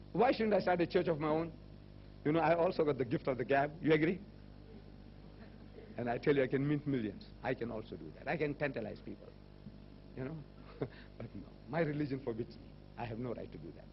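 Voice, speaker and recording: A man giving a public religious lecture as a Muslim speaker, rhetorical and animated, firing questions at his audience. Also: on the high side. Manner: rhetorical, animated, with repeated questions and mocking quoted voices. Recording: dull lo-fi recording with faint hum.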